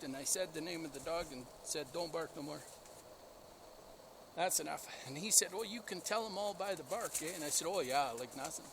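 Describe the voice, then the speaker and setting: A man's voice: fairly high pitch, noisy background. A man, a dog breeder, telling a rambling, enthusiastic story outdoors and laughing at himself. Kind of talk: casual storytelling vlog.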